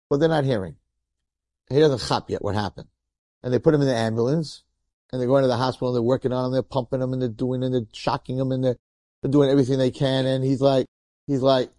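A man, a rabbi, telling a story in a sermon in a lively, conversational way, acting out the people in it. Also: medium pitch, fast talker, dry recording, clean studio sound. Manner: animated, conversational, acts out quotes.

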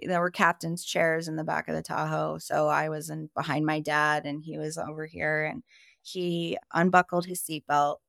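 A woman's voice: low voice, creaky, a bit bright, no echo, clean studio sound. A woman from Iowa, a podcast guest, telling her personal story in a candid, emphatic way and swearing freely.

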